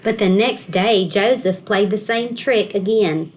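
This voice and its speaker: A woman school counselor reading a children's storybook aloud, telling the story clearly and expressively for young children. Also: medium pitch, measured pace.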